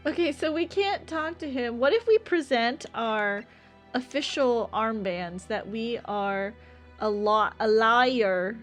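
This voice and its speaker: A woman's voice: fairly high pitch, slow pace, faint music behind. A young woman streamer chatting casually and reading game lines aloud, in a playful, giggly way.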